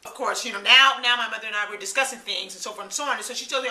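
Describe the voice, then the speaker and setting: A woman vlogging her opinion in a fiery, preachy way, sometimes bursting into loud mocking voices. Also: on the high side, expressive, fast, hardly any pauses. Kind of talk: animated opinion monologue. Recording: echoey room.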